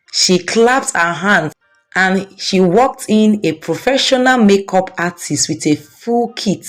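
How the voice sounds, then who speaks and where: A woman narrating a folk tale in a deliberate, dramatic way. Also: lowish voice, animated, soft background music. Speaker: storyteller.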